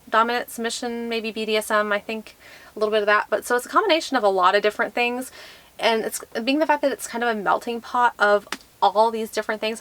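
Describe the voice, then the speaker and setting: A woman chatting casually as she unboxes books, full of excited fillers. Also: fairly high pitch, poor audio. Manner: gushing, lots of fillers like "like". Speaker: book vlogger.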